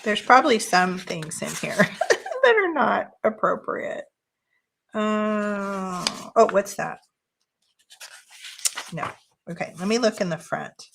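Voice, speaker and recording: Speaking slowly in a sing-song way with vocal fry and frequent pauses, this woman hosts a casual crafting chat over some background noise. She talks easily to her audience and now and then drops into high-pitched baby talk for her cat.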